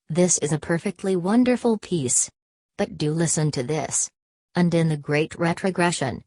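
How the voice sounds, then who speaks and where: A man's voice: on the high side, darkish tone, dry recording. A woman reading an audiobook, voicing a tipsy, giggling young man who squeals and hiccups.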